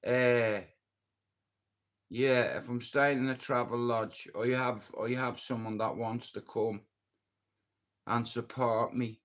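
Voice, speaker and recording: A man's voice: medium pitch, fairly even intonation, slow pace, long pauses. A middle-aged Irish man rambling bluntly in a casual live-stream chat, swearing freely and speaking openly about his feelings. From Ireland. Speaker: livestreamer.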